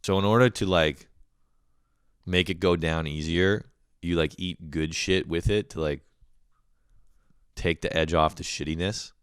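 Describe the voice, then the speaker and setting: Deep-voiced man ranting casually. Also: unhurried, long pauses, smooth, dry recording, studio quality. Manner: rambling, profane, heavy use of "like". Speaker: podcast host. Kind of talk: casual comedic rant.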